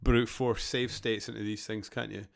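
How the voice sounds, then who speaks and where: A man co-hosting a casual podcast, croaky after a flu, jokey as he wraps up the show. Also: lowish voice, flat delivery, moderate pace, no room sound, studio quality. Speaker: podcast co-host. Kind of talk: casual chat.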